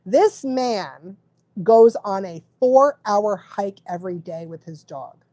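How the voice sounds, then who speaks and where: A woman's voice: medium pitch, animated, takes it slowly, warm tone, no echo. A woman dog trainer giving casual live advice, chatty, often laughing and checking in with the listener.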